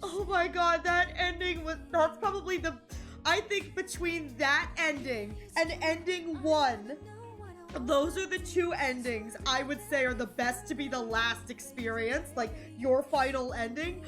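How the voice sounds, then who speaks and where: A woman's voice: high-pitched, a little slow, a bit bright, soft background music. A woman streamer chatting casually on a live game stream, gushing and emotional and often repeating herself.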